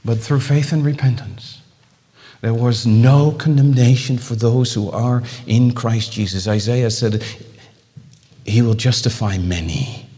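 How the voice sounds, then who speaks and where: A man preaching a sermon with passion, swinging between loud exclamations and hushed, drawn-out phrases, often repeating words as he builds. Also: mid-range voice. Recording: long hall reverb.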